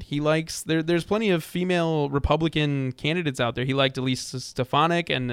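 Chatty talk radio co-host. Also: male voice, on the high side, fairly bright tone, clean tone, no room sound. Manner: rambling, frequent restarts and fillers. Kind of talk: casual political call-in talk.

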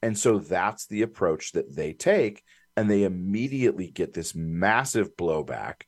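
A man talking politics on a discussion show, animated and getting fired up as he argues his points. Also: low voice, unhurried, no echo, studio quality. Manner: animated, building to fired-up emphasis. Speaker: political commentator. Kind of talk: political talk radio discussion.

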